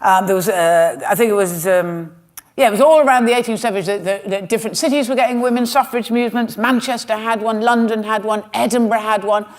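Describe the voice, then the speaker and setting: A woman's voice: fairly high pitch, brisk. A woman comedian telling a history story on stage with wry, sarcastic asides. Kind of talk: stand-up storytelling talk. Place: stage in a museum.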